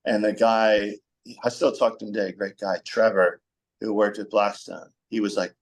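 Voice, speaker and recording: Man, young adult, fairly low voice, podcast guest, frank rambling chat, lots of fillers. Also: moderate pace. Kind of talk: candid conversational storytelling.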